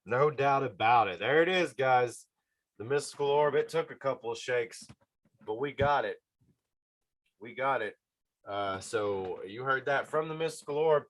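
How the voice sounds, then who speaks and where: A man hosting a podcast, giving sports betting picks in an excitable, casual way and talking straight to his listeners. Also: medium pitch, measured pace, no room sound. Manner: excitable, talks to listeners directly. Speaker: podcast host.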